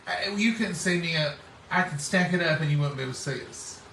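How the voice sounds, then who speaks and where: A man's voice: fairly high pitch, a little fast, gravelly, bright, forceful tone, slight background noise. Folksy man, distant roomy sound. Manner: folksy, acts out quoted speech. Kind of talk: casual storytelling chat.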